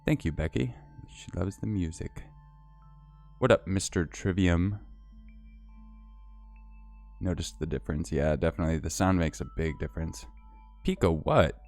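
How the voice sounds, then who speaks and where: A man hosting a livestream, chatting casually and reading out viewer comments and thanks in a relaxed, chatty way. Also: low voice, normal speed, gravelly, pauses often, faint music behind. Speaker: livestream host.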